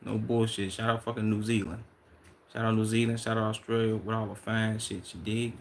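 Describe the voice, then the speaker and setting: A young man from Chicago, a livestreamer reading out and answering chat in loose, profane, excitable banter. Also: lowish voice, fairly quick, creaky, a little hiss or hum.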